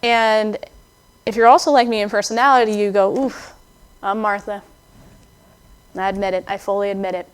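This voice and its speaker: A young adult woman preaching a sermon in a conversational, expressive way, acting out the voices she quotes. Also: medium pitch, quick pace, smooth.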